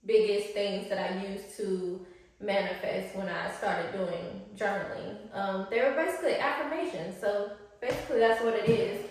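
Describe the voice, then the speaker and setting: A woman's voice: mid-range voice, normal speed, distant mic. A woman, a spiritual life coach, talking in a casual, playful and slangy vlog style. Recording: echoey room, voice off-mic.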